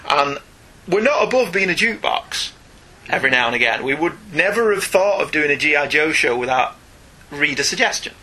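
A man's voice: a little high, expressive, brisk, sharp tone. A man co-hosting a comics podcast, chatty and jokey, laughing often as he reads listener emails. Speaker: podcast co-host. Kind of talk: casual chat, reading listener emails.

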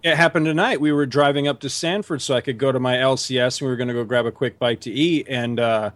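A middle-aged man hosting a podcast, telling a story in a casual, animated way, jumping up in pitch to act out what people said. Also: fast, no echo. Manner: animated, acts out quotes with big pitch jumps and laughs. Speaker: podcast host.

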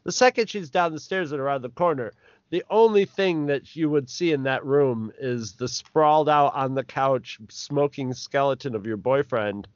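A man's voice: mid-range voice, moderate pace, no room sound. A man co-hosting a podcast, chatting casually and rambling with laughs as he reviews a film. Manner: rambling, laughs while talking. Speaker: podcast co-host. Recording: dull lo-fi podcast audio.

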